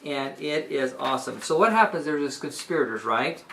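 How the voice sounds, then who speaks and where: A woman walks her listeners through a play in a chatty, enthusiastic way. She keeps checking in to make sure they are following. Her voice is bright and forward. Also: low-pitched, animated, normal speed, slight background noise. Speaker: book reviewer and teacher. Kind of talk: casual explanatory retelling.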